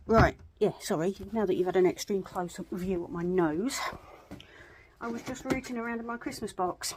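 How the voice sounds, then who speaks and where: A woman's voice: mid-range voice, normal speed, heavy background noise. A woman vlogging casually from her home craft room, chatty and self-deprecating, rambling with plenty of fillers. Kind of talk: casual chat to camera.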